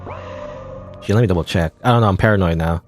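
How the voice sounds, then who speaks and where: A man's voice: low-pitched, fast, faint music behind. A man giving casual, playful commentary while playing an indie game, rambling and chuckling at the game. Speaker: gamer. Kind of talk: let's play commentary.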